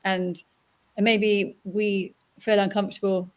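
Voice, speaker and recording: A woman's voice: mid-range voice, little pitch movement, unhurried. A woman hosting a conversational interview, chatty and reflective. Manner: chatty, reflective, laughs easily. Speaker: podcast host.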